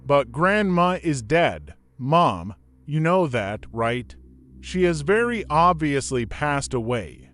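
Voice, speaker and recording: A man's voice: fairly high pitch, big pitch swings, takes it slowly, a bit bright, heavily acted. A man reading the lines of a frightened young woman, speaking in an urgent, pleading way.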